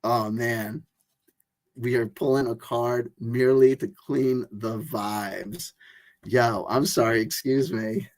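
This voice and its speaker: Gravelly man rambling casually. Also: mid-range voice, steady tone, slow, no echo. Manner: rambling, filler-heavy, with many restarts. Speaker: tarot channel host.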